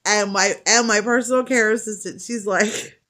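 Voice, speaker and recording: A woman's voice: medium pitch, fairly even intonation, normal speed, a bit bright. Chatty, rambling middle-aged woman. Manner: rambling, chatty, laughs often. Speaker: crochet vlogger. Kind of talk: casual storytelling chat.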